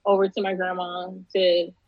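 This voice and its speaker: A woman's voice: on the low side, monotone, moderate pace, lo-fi sound, a little hiss or hum. A woman guest in a casual interview, telling a personal story in a loose, candid way with many fillers and restarts.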